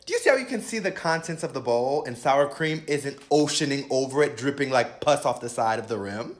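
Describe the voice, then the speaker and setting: A woman's voice: extremely low pitch, lively intonation, a little fast, hardly any pauses. A woman doing a fussy comedy skit, questioning in an exaggerated way.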